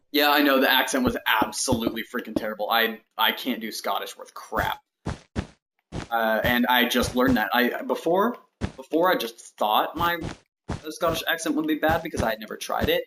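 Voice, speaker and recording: A man's voice: mid-range voice, normal speed, background noise. A man streaming a game build, chatting to viewers in a rambling, self-deprecating way while he counts blocks aloud. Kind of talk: casual livestream chat while building in a game. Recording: steady mouse and keyboard clicks behind.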